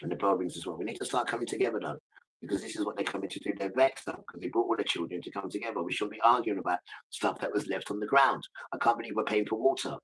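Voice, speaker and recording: A man's voice: on the low side, fast talker, background noise. A man preaching informally and with passion, emphatic and repetitive, often checking in with a rhetorical "right?".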